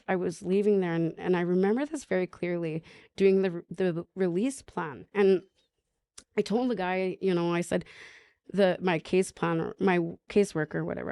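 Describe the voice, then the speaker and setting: A woman from northern Manitoba, candidly telling her own recovery story as a podcast guest, halting and restarting often. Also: lowish voice, gravelly, warm tone, dry recording, clean studio sound. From northern Manitoba, Canada. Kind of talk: personal recovery story, conversational.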